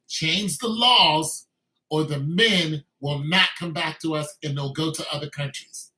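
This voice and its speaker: Emphatic high-voiced ranting man. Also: moderate pace, bright, forceful tone. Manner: emphatic, repetitive, scolding. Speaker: video commentator. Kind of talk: ranting commentary. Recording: echoey room.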